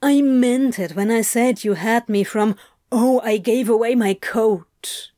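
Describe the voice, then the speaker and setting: A woman's voice: on the high side, slow, dark tone, no echo, studio quality. Woman doing a blunt, lovesick man. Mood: earnest. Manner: earnest, blunt, pleading.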